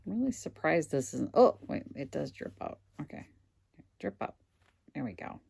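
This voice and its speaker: A woman's voice: deep voice, sing-song, moderate pace, creaky, a little mellow, slightly rough, no echo. A woman reselling goods online, casually thinking aloud at home with wry asides to her viewers. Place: indoors at home.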